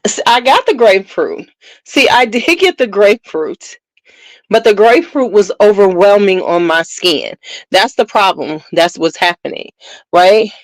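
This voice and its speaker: A woman talking slowly and easily as she reviews a fragrance for her livestream viewers, chatting to them directly. Her voice sits at a middle pitch and sounds close and dry, with no room echo. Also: expressive. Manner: unhurried, chatty, talks straight to viewers. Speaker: beauty content creator.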